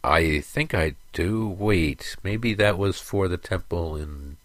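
A man's voice: sits low, takes it slowly, a bit bright, no echo. A man voicing a slightly senile old male monk, speaking hesitantly and forgetfully. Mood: doddering.

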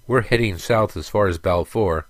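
A man's voice: on the low side, normal speed, dry recording, lightly acted. A man voicing a friendly, cheerful young caravan boy in a storybook.

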